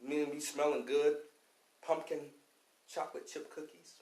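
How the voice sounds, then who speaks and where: A man's voice: fairly high pitch, flat delivery, moderate pace, a little mellow, roomy sound, low-quality recording. A man from Louisville, Kentucky, giving a fiery, slangy preaching lecture as class teacher on a radio show. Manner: fiery, slangy, repeats "you know what I'm saying". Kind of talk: preaching street-talk lecture.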